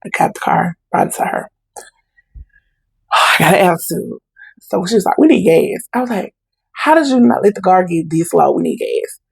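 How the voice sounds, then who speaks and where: Gravelly, husky woman telling a story. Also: on the low side, moderate pace, pauses often, no room sound, rough recording. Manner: animated retelling with quoted dialogue in Southern Black vernacular. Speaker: podcast guest. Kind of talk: casual storytelling.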